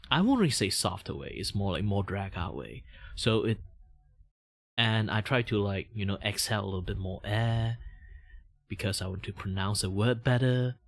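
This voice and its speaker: A man's voice: lowish voice, moderate pace, gravelly, dry recording. A man with a Malaysian English accent, chatting casually on a livestream while drawing, rambling with lots of filler words and casual swearing.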